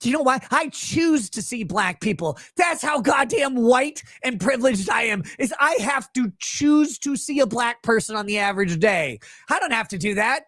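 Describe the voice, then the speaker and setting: A man hosting a reaction show, ranting angrily and mockingly, swinging between shouts and mutters. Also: extremely high pitch, animated, normal speed, few pauses, dry recording, studio quality. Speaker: host reacting to clips. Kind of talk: profane reaction rant.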